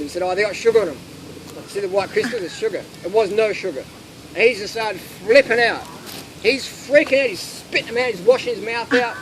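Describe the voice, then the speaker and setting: High-voiced man in a noisy outdoor Q&A. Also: fast. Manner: anecdotal, animated, acts out quotes. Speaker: speaker answering audience questions. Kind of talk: casual Q&A talk. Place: outdoor festival.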